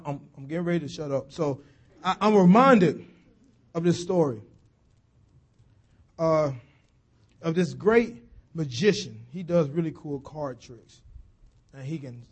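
A man preaching a sermon in a rhythmic, repetitive style that builds into shouted lines. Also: high-pitched.

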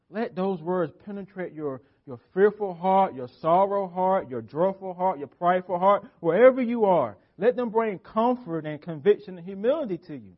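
A man with a high-set voice preaches a sermon, hammering on repeated phrases and dropping suddenly soft before rising again. The audio is dull and lo-fi. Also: normal speed. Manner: emphatic, repetitive preaching with wide swings of loudness. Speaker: pastor.

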